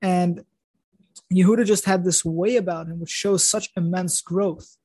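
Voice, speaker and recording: High-voiced man retelling a Torah story. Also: fairly even intonation, unhurried, a little mellow, husky, dry recording. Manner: rambling, many restarts and fillers. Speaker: podcast host.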